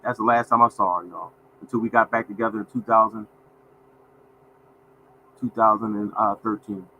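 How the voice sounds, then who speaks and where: A man's voice: lowish voice, fairly even intonation, moderate pace, muffled recording, slight background noise. A man in his fifties hosting a casual livestream, folksy and repetitive, often calling out to viewers as y'all. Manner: folksy, repeats phrases, addresses viewers as y'all. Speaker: livestream host.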